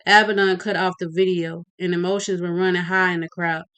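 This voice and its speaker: Clear-voiced woman reading a novel. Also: lowish voice, fairly quick. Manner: steady reading with occasional slips. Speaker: audiobook reader.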